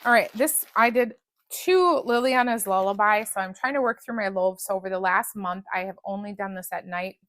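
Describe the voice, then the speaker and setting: A woman's voice: medium pitch, normal speed, a bit bright, no echo. A woman talks casually about scented wax melts, gushing and restarting sentences as she goes. Her voice sits in the middle of the usual range, and the sound is dry and close. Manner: chatty, gushing, restarts often. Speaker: wax melt reviewer. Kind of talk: casual product review chat.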